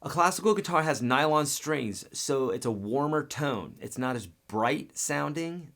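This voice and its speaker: A man's voice: mid-range voice, expressive, normal speed, a bit bright. A man teaching guitar on a live webcast, reading viewer questions and answering in a casual, direct way that keeps checking in with "okay?".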